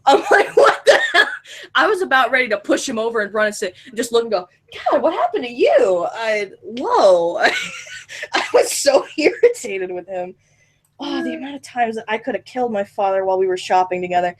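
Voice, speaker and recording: A young woman in her twenties tells a story over casual chat, her fairly high voice leaping all over the place. She laughs often and swears freely as she goes. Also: huge pitch swings, moderate pace. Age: 20s.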